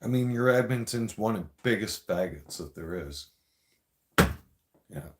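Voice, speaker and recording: A man's voice: fairly low pitch, animated, a little slow, fairly bright tone, a little hiss or hum. A man hosting a live stream, ranting at his viewers in a confrontational, rambling way, addressing them directly.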